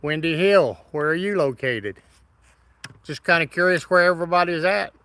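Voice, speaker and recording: Folksy man hosting a live chat, slightly high voice, dry close sound. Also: normal speed, fairly bright tone, dry recording, rough recording. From Midwest of the United States. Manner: folksy, friendly, greets viewers by name. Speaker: live stream host. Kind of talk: casual live stream chat reading comments.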